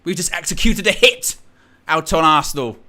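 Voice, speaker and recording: High, bright-voiced gloating fan host. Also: male voice, moderate pace. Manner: gloating, teasing, animated. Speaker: host of a live fan match watchalong. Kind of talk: live stream commentary.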